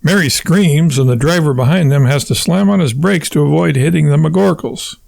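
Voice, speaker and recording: A man's voice: on the high side, moderate pace, creaky, darkish tone, dry recording. A man reading a comic novel aloud as the narrator, with wry timing. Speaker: audiobook narrator. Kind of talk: scripted narration.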